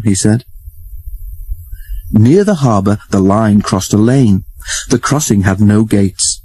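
A man narrating a children's storybook in a steady storytelling manner. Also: on the low side, unhurried, no room sound, low-quality recording. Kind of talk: storybook reading. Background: music.

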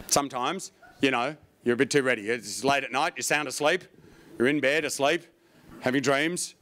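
A man's voice: mid-range voice, moderate pace. Wry, profane man doing stand-up. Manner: wry, profane, animated storytelling. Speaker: stand-up comedian. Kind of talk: stand-up comedy routine.

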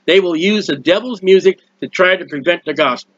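A man preaching a sermon in an earnest, rambling way, with restarts and quiet asides, recorded at home. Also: high-pitched, brisk, dry recording, lo-fi sound. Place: at home, birds heard nearby.

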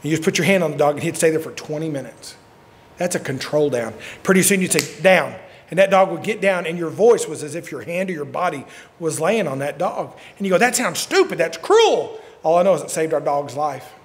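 A man preaching a sermon, telling stories and swinging from shouts to quiet asides. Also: on the high side, lively intonation, a little fast. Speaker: pastor. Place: church sanctuary. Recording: long church hall reverb.

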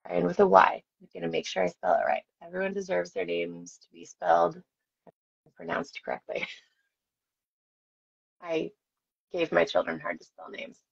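A woman's voice: lowish voice, a little slow, vocal fry, long pauses, husky. A woman in her forties, an actress chatting with fans and telling stories on a live stream while signing autographs. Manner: chatty, self-deprecating, storytelling. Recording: dull lo-fi stream audio.

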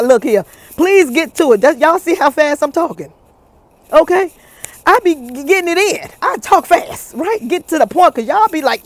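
Woman, vlogger, high voice, dry close sound, animated, chatty, outdoors. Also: dry recording. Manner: animated, chatty, laughs often, addresses viewers as y'all. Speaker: YouTube commentator. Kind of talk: casual gossip vlog.

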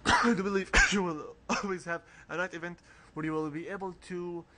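Man, let's play commentary, unhurried drawl, slightly high voice, coughs a lot, faint hiss behind. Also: fairly even intonation. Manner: rambling, coughs often, reads game text aloud. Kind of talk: casual game walkthrough commentary.

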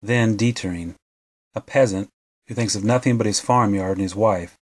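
A man with a fairly low voice reading a novel aloud as an audiobook narrator. He keeps a steady, measured pace throughout.

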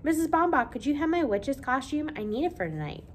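A defiant young girl with a sharp tongue, put on by a woman reading a children's book. She talks bluntly and snaps back quickly. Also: sits high, sing-song, a little hiss or hum, voice pushed up. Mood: snappy. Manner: snappy, blunt.

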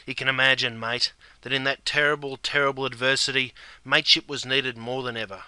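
Brief: Australian male slang teacher, laid-back and jokey, very bright tone, dry close mic. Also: mid-range voice, steady tone, a little fast, smooth, no room sound. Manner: laid-back, slang-heavy, keeps saying mate. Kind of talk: comedic scripted explanation.

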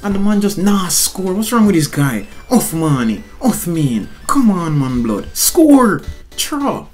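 A young man, excitably commentating his own football gameplay in a slangy, chatty way, talking straight at the screen. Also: fairly high pitch, unhurried, soft background music. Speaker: gaming channel host.

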